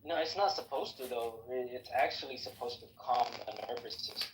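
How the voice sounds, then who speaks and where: A man's voice: medium pitch, a little fast, recorded from a distance. A man in casual podcast chat, earnestly explaining his coffee routine. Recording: echoey room with faint noise.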